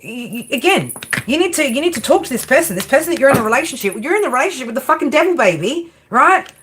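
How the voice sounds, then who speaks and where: A woman reads tarot in a blunt, exasperated monologue full of swearing. She keeps tagging her points with "right?". Her voice sits a bit high, and clear background noise runs under it. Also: sing-song, quick pace, a bit bright. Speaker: tarot reader. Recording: noisy background.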